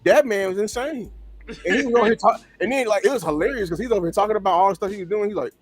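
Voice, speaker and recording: A man, co-hosting a casual sports talk show, animated and quick to laugh. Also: high-pitched, no echo, faint music behind. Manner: animated, laughing, Southern slang. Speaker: podcast co-host.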